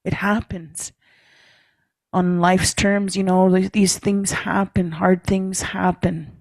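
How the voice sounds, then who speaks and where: A woman telling a personal story to a leaders' meeting, relaxed, often ending phrases with "hey?" or "eh?" and clearing her throat. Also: mid-range voice, takes it slowly, no echo. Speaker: speaker at a First Nations leaders' caucus. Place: meeting room.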